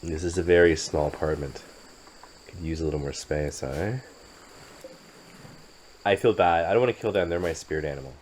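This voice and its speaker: Low-voiced playful male game narrator. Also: normal speed, long pauses, a little mellow, slight background noise, poor audio. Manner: playful, chatty, jokey asides. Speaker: game commentator. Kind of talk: narrated gameplay commentary.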